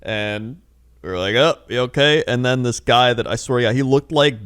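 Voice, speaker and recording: A man's voice: medium pitch, moderate pace, a bit bright, clean tone, no room sound, studio quality. A man co-hosting a casual comedy podcast, telling rambling stories and laughing often. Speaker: podcast co-host.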